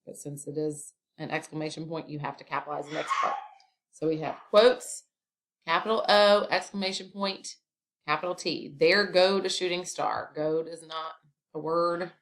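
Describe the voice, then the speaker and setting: A woman teacher talks through a grammar lesson step by step. Her voice sits a little low, and she keeps it chatty, with casual asides. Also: normal speed, a bit bright.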